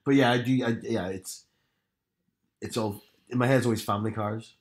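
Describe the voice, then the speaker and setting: A young man co-hosting a podcast, chiming in with short deadpan jokes and teasing remarks. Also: medium pitch. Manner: quick deadpan quips and teasing interjections. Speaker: podcast co-host. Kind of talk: casual chat.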